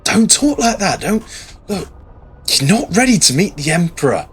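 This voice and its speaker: A man voicing a battle-worn male corporal who pleads with a dying comrade, his voice climbing high with distress. He has a husky voice and speaks in a tabletop game. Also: sing-song, moderate pace, fairly bright tone, soft background music, full character voice. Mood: pleading.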